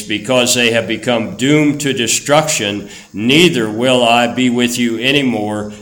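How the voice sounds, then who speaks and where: Middle-aged guy preaching hard, bright forceful voice, keeps repeating for punch. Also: mid-range voice, poor audio. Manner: fervent preaching, emphatic repetition. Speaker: pastor. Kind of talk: sermon.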